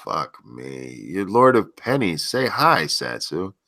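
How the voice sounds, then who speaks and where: Stuffy low-voiced man hosting a stream. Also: very animated, takes it slowly, sharp tone, no echo, clean studio sound. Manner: joking, profane, easily sidetracked. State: stuffy and unwell. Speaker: stream host. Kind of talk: casual live-stream chat.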